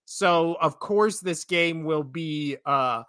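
A man in his thirties talks football on a podcast, teasing his co-host and laughing a lot. His voice is bright and a little higher than most men's. The sound is dry and close. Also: slow pace, no room sound. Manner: joking, rambling, laughs often. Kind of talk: casual sports podcast chat.

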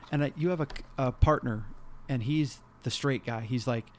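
Man telling rambling animated stories. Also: medium pitch, a little slow, slight background noise. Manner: animated, rambling storytelling with frequent laughs. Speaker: podcast co-host. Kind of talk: casual chat.

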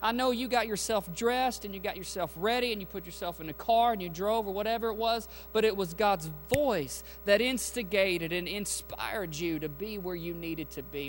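A man's voice: high-pitched, normal speed, few pauses. A man preaching as a pastor, with emphatic delivery and questions thrown to the congregation. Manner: emphatic preaching with call-and-response asides. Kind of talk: sermon. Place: church sanctuary. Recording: faint music and mains hum behind.

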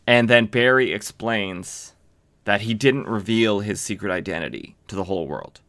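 A man's voice: on the low side, normal speed, fairly bright tone. A man hosting a podcast, casually recapping a comic book with lots of fillers and self-corrections. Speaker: podcast host.

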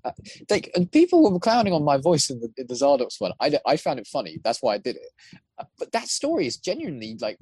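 A man's voice: medium pitch, huge pitch swings, fast, darkish tone, breathy edge. A chatty man talking as a guest on a casual podcast, eager and rambling, with frequent restarts. His voice sits mid-range. The sound is dry and close, with no room echo. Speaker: guest, voice actor and prop maker.

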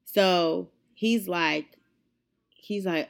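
A young woman host telling a story in casual chat, animated and profane, getting heated as she retells it. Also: low-pitched, moderate pace. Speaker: podcast host.

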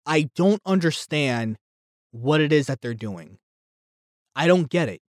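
Heated rambling man, high voice. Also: animated, a little slow, no room sound, studio quality. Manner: heated, rambling, stumbling restarts. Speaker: movie reviewer. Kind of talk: casual movie rant.

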